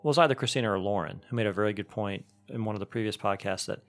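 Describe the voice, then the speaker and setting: A man's voice: on the low side, rapid-fire, faint music behind. A middle-aged man co-hosting a podcast, chatting casually and rambling with frequent restarts. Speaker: podcast co-host.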